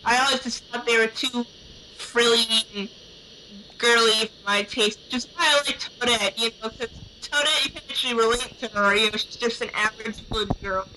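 A woman with a bright, fairly high voice joins a casual chat among friends. She talks hesitantly and restarts her sentences, leaning on "you know" and "I mean." A faint hiss sits under her voice. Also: a little fast, low-quality recording. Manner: hesitant, many fillers.

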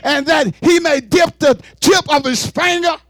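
A man preaching a fervent sermon, often shouting and calling on the congregation to answer back. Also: extremely high pitch, unhurried, dry recording, studio quality. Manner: fervent, shouting with call-and-response.

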